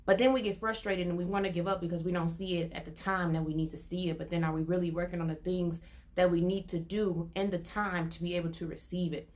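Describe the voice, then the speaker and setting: A woman's voice: fairly low pitch, steady tone, fast talker. A young adult woman sharing an informal prophetic testimony, earnest and repetitive, her intensity building as she goes. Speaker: prophetic minister.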